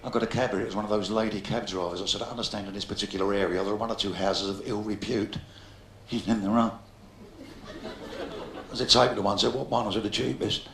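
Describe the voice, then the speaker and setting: A man's voice: fairly low pitch, steady tone, quick pace, gravelly, noisy background. A London man in his fifties with a Cockney accent, doing a crude live stand-up routine and ribbing the crowd. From London, England. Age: 50s. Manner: brash, crude punchline delivery, heckling the crowd. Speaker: stand-up comedian. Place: large theatre stage. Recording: echoey hall, loud audience laughter, 1990s live video. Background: audience laughter.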